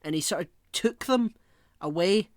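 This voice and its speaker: A man's voice: high voice, animated, moderate pace, no room sound. Dry-sounding man in rambling chat. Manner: rambling, searches for words with many fillers. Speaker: podcast co-host. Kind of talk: casual chat.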